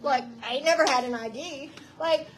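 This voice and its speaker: A middle-aged woman telling her personal testimony to a church audience, animated and slangy, often laughing as she tells the story. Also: high-pitched, normal speed, slight background noise. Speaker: guest speaker giving testimony.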